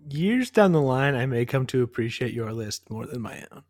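A man's voice: medium pitch, animated, moderate pace, no echo, clean studio sound. A man co-hosting a podcast, talking thoughtfully about films with some hesitation and self-deprecating humour. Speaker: podcast co-host. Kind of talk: casual chat.

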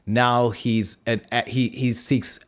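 A man co-hosting a podcast, chatting about comics in an excitable way, with lots of restarts and swearing. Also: medium pitch, slow pace. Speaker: podcast co-host. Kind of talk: casual chat about comics.

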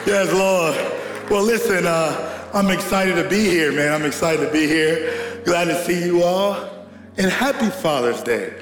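A young male pastor with a high, ringing voice preaches in a roomy church hall, the sound bouncing with a long tail of reverb. He shouts with hyped energy and slangy banter, leading the congregation in call-and-response, with faint music underneath. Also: unhurried.

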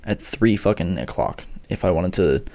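A man's voice: sits low, normal speed, creaky, dark tone. A young man, a music producer who gives lessons online, tells a rambling, swear-heavy story full of fillers. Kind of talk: casual storytelling monologue.

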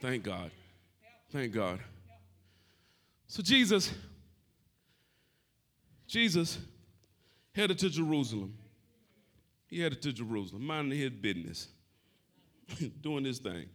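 A man preaching a sermon, calling out to the congregation and shifting between loud shouting and soft, conversational talk. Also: medium pitch, sing-song, slow pace, pauses often. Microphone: wearing a mic.

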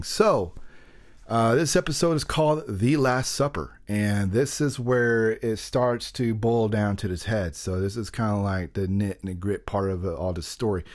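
A man hosting a podcast, talking in a casual, rambling monologue full of jokey self-deprecating asides. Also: medium pitch. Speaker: podcast host.

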